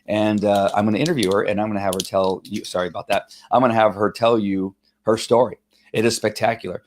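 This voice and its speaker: A man hosting a casual live online show, talking in a halting, rambling way with lots of fillers and restarts, at times choked up while reading a viewer's story. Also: lowish voice, little pitch movement, slight background noise. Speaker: host of a Facebook Live show. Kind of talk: casual live-stream talk, reading a testimonial aloud.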